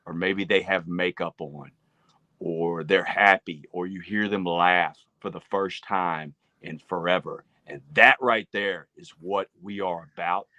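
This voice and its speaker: A man co-hosting a life-coaching podcast, chatting in an earnest, fired-up way that slows down for emphasis. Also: low voice, steady tone, bright, forceful tone, no room sound, lo-fi sound. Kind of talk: casual chat.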